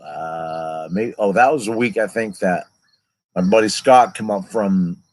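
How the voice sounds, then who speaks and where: A man in his fifties tells a long personal story in a casual, unscripted way. His voice sits a little low, and he wanders through side stories before returning to the main thread. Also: measured pace, poor audio. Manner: rambling, digressive personal storytelling. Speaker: vlogger telling his own story.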